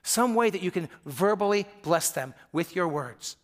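A middle-aged man from Michigan delivers a sermon as pastor, his voice sitting noticeably high. He talks in a loose, conversational way and acts out the quoted voices of husbands, wives and friends in his stories. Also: lively intonation, moderate pace.

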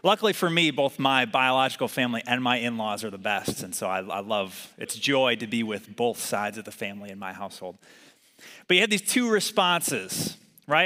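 Bright-voiced man preaching in a church. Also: mid-range voice. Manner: conversational, asks the congregation to repeat words. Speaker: pastor. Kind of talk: sermon. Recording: long hall reverb.

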